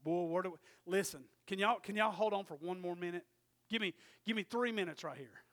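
A man preaching a sermon and telling a personal story, swinging from loud emphatic preaching to quiet storytelling. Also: high voice, fairly quick.

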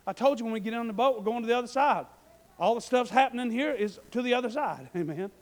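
A man preaching a sermon, swinging between loud shouted passages and quiet folksy asides. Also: very high-pitched, fast.

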